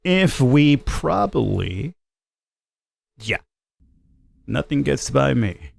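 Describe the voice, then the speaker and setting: A man's voice: medium pitch, very animated, drawn-out words, creaky. A man casually commentating a game playthrough, chatty, thinking aloud and reading notes out. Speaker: gameplay commentator. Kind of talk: let's play commentary.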